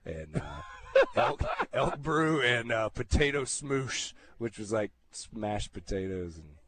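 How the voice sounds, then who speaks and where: A man chatting on live radio, telling loose, rambling stories. His pitch rises and falls a lot as he talks. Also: slow. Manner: relaxed, rambling storyteller. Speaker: author at a book signing. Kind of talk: casual chat.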